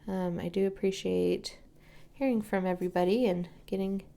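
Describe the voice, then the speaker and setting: A young woman chatting casually while she paints, soft-spoken and often slipping into a whisper as she works. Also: mid-range voice, steady tone, normal speed, gravelly. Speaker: watercolor crafting vlogger.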